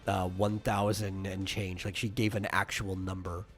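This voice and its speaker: A man's voice: low voice, level tone, normal speed, soft background music. A man co-hosting a podcast who chats casually, explains his take and answers listener comments. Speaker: podcast co-host. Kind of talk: casual chat.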